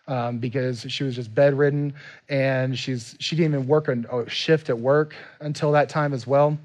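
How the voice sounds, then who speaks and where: A man at a church service leading community groups, talking to the congregation in an earnest way, going quiet when he is moved and rising when he urges. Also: medium pitch. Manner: emotional, voice drops when moved, rises when urging. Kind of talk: sermon announcement.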